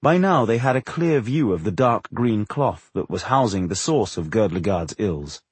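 A man reading a fantasy audiobook in expressive, measured storytelling on a close studio mic. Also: on the low side, husky, no echo. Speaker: audiobook narrator. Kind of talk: scripted fantasy narration.

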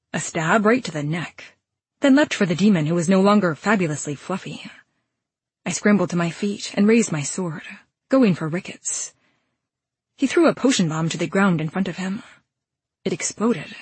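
Husky-voiced woman narrating an audiobook. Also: fairly low pitch, no room sound. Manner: brisk and dramatic, sharp outbursts in action. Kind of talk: first-person audiobook narration.

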